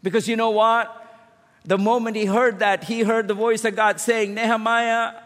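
A man preaching a sermon, telling a story and rising into shouted emphasis. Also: high-pitched, little pitch movement, normal speed. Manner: builds to shouted emphasis, storytelling with acted quotes. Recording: long hall reverb.

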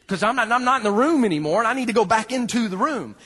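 A pastor with a very high, husky voice talks fast as he preaches, animatedly recounting a funny story from his own life. He laughs often and acts out the conversations, then turns to scripture.

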